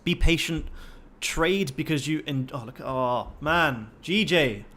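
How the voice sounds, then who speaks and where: A man's voice: fairly high pitch, slow pace, a bit bright. A young man hosting a trading livestream, talking casually and swearing constantly in a pumped-up, motivational way.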